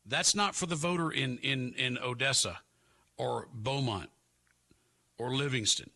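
A man's voice: medium pitch, unhurried, creaky, pushed and bright. A man hosting a political talk show, giving emphatic, sarcastic commentary and repeating points for stress.

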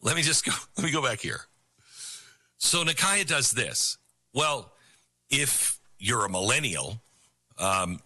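A man's voice: a little high, pushed and bright. A middle-aged man hosting a political talk show, giving an opinionated monologue in a mocking tone, laughing often and repeating phrases for emphasis.

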